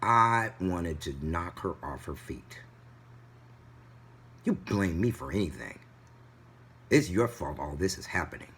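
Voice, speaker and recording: A man vlogging, retelling a story in an animated, indignant way. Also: deep voice, takes it slowly, long pauses, slight background noise. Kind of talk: casual storytelling vlog.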